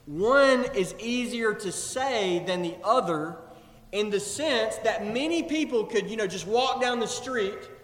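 High-pitched man preaching in an echoey hall. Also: a little slow. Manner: animated preaching, acts out quoted voices. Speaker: pastor. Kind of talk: sermon. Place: church sanctuary.

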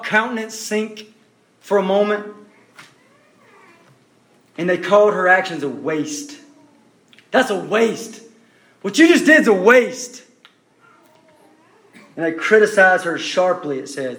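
A high-voiced preacher delivers his sermon with emphasis, repeating phrases and lowering to hushed questions for the congregation. The recording carries the echo of the room.

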